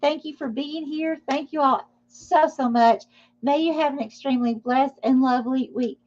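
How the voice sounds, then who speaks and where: Woman, tarot reader, live stream, high-pitched and reassuring, dull lo-fi sound. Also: moderate pace, a little mellow. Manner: reassuring, repeats "okay?" often.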